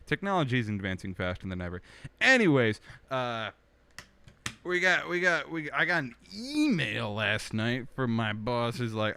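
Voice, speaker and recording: A man's voice: medium pitch, expressive, moderate pace, pushed and bright, clean tone, no echo. A young man hosting his own web show, rambling through a joking, self-deprecating monologue with lots of restarts, recorded on a studio microphone. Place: small indoor home studio.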